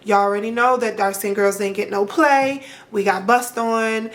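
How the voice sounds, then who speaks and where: A young adult woman vlogger talking casually to camera in a chatty, animated way, full of slang and asides. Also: medium pitch, normal speed. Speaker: lifestyle vlogger.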